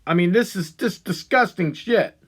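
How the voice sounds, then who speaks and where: A man hosting a podcast, delivering a profane, heated monologue that swings between loud outbursts and low muttering. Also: lively intonation, moderate pace, slightly rough. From Ohio. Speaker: podcast host. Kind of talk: angry ranting monologue.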